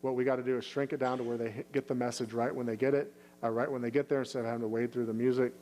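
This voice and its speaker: A man in the middle of the usual male pitch range, talking as a pastor at a Q&A. He stumbles and restarts often, then brightens into a lifted, upbeat tone when he acts out what people might say. A faint hum sits under the recording. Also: little pitch movement, low-quality recording. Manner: halting, many restarts and fillers. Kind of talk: casual Q&A answer.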